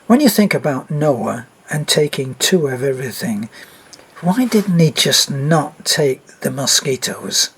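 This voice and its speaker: Husky older man telling a funny story. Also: fairly high pitch, sing-song, measured pace. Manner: retells a friend's story with quoted speech, wry humor. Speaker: expat vlogger. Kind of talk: casual anecdotal storytelling.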